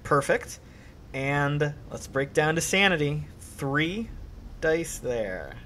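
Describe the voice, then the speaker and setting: A man running a tabletop horror game as game master, calm and encouraging, with faint background noise. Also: on the high side, takes it slowly. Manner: calm, encouraging, dramatic narration at the close.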